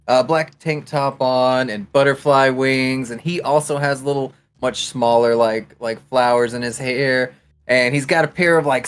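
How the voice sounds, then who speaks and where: Man player, mid-pitch, playful, rambling character description. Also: a bit bright, clean tone. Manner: chatty, playful, lots of fillers. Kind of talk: casual chat at a tabletop game.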